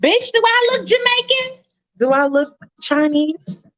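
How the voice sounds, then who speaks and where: A woman's voice: very high voice, lively intonation, unhurried, a bit bright, dull audio, voice pushed up, exaggerated voice. A woman voicing a brash, feisty young female roommate who talks bluntly with sassy slang.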